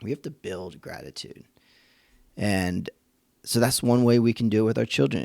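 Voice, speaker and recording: A man's voice: on the low side, vocal fry, mellow, no echo, clean studio sound. A man hosting a faith-based parenting podcast, talking earnestly in a conversational, thinking-aloud way. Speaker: podcast host and father.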